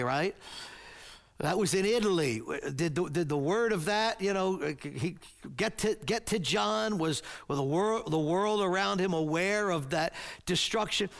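Man, pastor, sermon, high voice, slow deliberate delivery, earnest, stumbling restarts. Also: a bit bright. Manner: halting restarts, then earnest emphatic preaching.

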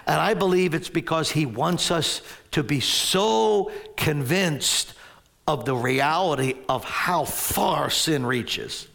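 A man preaching a sermon as pastor, telling a story with animated, loud exclamations. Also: high voice, unhurried, gravelly.

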